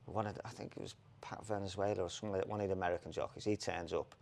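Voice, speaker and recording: A man, a former jockey co-hosting a podcast, telling racing anecdotes in a lively, casual way. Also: deep voice, rapid-fire, vocal fry. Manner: animated anecdotes, laughs, quotes people in put-on voices. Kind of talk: casual storytelling chat.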